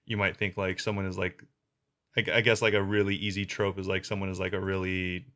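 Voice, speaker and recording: Brief: young male co-host, lowish voice, blunt and self-assured, rambles a bit. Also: flat delivery, fairly quick, bright, forceful tone. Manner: forward, direct and confident, rambling with restarts. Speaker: podcast co-host. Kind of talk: casual chat.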